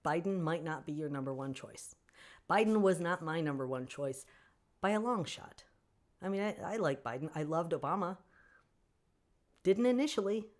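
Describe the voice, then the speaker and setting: A woman hosting a casual livestream Q&A for fans, answering viewer comments in an animated, opinionated way and laughing often. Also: fairly low pitch, normal speed, pauses often. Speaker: author hosting a fan Q&A stream.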